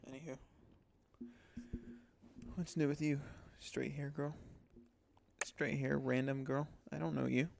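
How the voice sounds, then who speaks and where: A man co-hosts a casual podcast, teasing his partner with dry, deadpan jokes. His voice is gravelly and creaky. A faint background hiss runs under it. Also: medium pitch, a little slow, pauses often. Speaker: podcast co-host. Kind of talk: casual chat.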